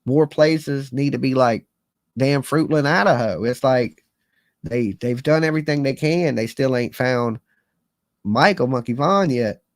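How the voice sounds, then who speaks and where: A man's voice: mid-range voice, measured pace, dry recording, clean studio sound. A man in his forties, a live-stream host, talking casually in a rambling, earnest and folksy way with slang to his viewers.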